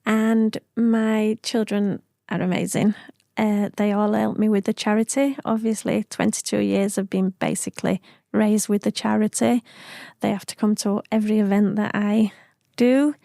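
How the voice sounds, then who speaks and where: A woman's voice: medium pitch, level tone, moderate pace, vocal fry, warm tone, no room sound, studio quality. A middle-aged woman from Yorkshire with a broad Yorkshire accent, chatting in an interview about her family and her home town. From Yorkshire, England. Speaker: charity founder, guest. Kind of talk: casual interview chat.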